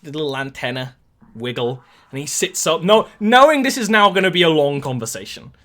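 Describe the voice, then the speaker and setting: A man's voice: a little high, big pitch swings, a little fast, pushed and bright. A man narrating as game master of a tabletop game, with easygoing, rambling descriptions full of fillers.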